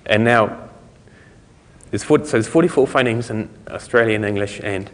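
A man's voice: lowish voice, normal speed. A man with a New Zealand accent giving a conference talk in a loose, rambling way, with many fillers, restarts and chuckling asides. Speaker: conference speaker. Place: lecture hall. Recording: lecture hall with long reverb.

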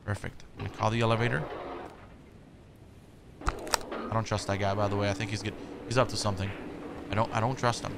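A man's voice: fairly low pitch, flat delivery, a little fast, gravelly, pauses often, very noisy. A man hosting a horror game playthrough, chatting casually, jumpy, swearing and talking back to the characters. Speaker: gaming video host.

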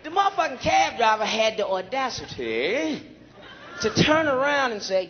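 A man with a high, very lively voice does brash, profane stand-up, jumping from mutters to shouts. He is heard on a dull, muffled recording of a club show, with a crowd and steady noise underneath. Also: fairly quick. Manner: brash, profane, animated storytelling. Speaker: stand-up comedian. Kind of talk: live stand-up routine. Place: comedy club stage.

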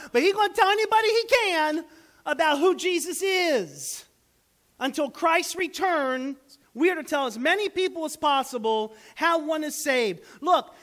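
A man's voice: very high-pitched, pushed and bright. A man, preaching a sermon as pastor, in a folksy, conversational way with asides to the congregation. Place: church sanctuary.

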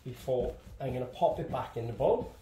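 A Welsh man in his sixties gives a chatty, step-by-step baking demonstration, voice at an ordinary middle pitch. He talks to his viewers as he works. The kitchen sounds roomy and echoey, with a faint hum behind him. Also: animated, normal speed, mellow. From Wales. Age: 60s. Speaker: home baker. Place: home kitchen.

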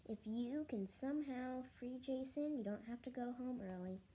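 A woman voicing a calm, matter-of-fact schoolteacher in a storybook. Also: on the high side, moderate pace, natural voice.

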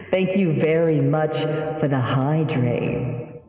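A woman's voice: low-pitched, dark tone. A woman streamer chatting casually with her live audience, giggly and playful. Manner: giggly, playful, thanks chat for bits. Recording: echoey with long reverb, background music.

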